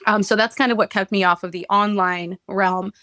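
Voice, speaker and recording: A woman's voice: medium pitch, steady tone, a little fast, bright, forceful tone, no echo. A woman talking as a podcast guest, enthusiastic, open and talkative. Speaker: guest, social media creator. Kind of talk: casual interview chat.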